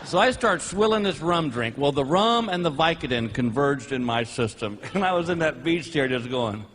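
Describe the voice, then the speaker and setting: Animated male stand-up comic, high voice. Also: normal speed. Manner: animated storytelling, bursts into shouted punchlines. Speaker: stand-up comedian. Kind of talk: stand-up comedy routine. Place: comedy stage before a live audience. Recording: live stage audio with crowd noise.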